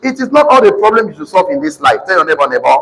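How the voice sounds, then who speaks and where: A man with a Nigerian accent preaching to a live congregation, calling for responses and slowly repeating key lines for notes. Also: sits high, sing-song, gravelly. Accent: Nigerian English. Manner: sudden shouted emphasis. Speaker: motivational preacher. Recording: reverberant hall.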